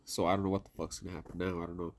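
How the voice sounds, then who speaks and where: Low-voiced man rambling in casual chat. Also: flat delivery, very fast. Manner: rambling, swears a lot, trails off with "I don't know". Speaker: podcast co-host.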